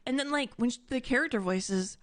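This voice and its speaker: A woman live-streaming casual chat to her audience, animated and admittedly dramatic. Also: a little high, fairly quick, no room sound. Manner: animated and self-described dramatic.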